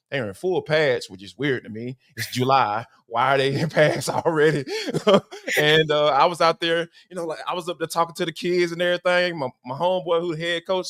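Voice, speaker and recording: A man who is a football analyst on a sports talk podcast, excitable and animated, telling stories with acted-out quotes. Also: on the high side.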